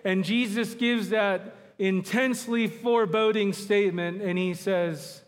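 High-voiced preacher in an echoing hall. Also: male voice, steady tone. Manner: emphatic, slowing down on key words. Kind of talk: sermon. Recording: long hall reverb.

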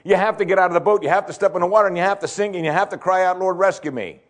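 A man preaching a sermon, swinging between loud emphasis and hushed tones and repeating phrases for effect. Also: high-pitched, steady tone, racing. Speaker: pastor.

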